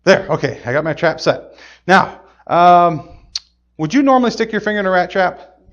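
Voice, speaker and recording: Animated high-voiced man teaching kids. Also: normal speed, muffled recording. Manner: animated, playful, exclaims and laughs. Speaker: children's gospel magician. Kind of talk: children's object lesson.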